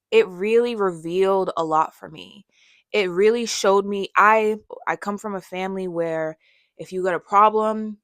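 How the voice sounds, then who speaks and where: A woman's voice: mid-range voice, no room sound, studio quality. A young woman talking candidly to her camera about her own life, casual and reflective, sometimes acting out what she used to say. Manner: candid and conversational, acts out her own past voice. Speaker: vlogger. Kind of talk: personal storytelling monologue.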